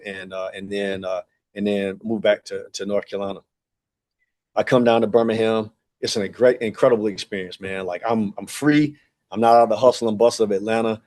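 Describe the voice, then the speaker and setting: Brisk and fairly even in intonation, this man's voice is fairly low and slightly mellow. He's in his forties, a track and field director on a podcast as a guest, rambling casually through a long personal story with plenty of fillers and acted-out exchanges.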